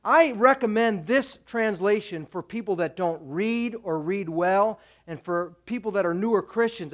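High-voiced pastor exhorting his congregation. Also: fairly bright tone. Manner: direct, exhorting, repeats urgent commands. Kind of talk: sermon.

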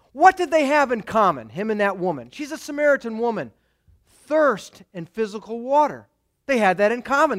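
A male pastor preaching a sermon in an animated way, acting out the voices of the people he quotes. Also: sits high, no echo, studio quality.

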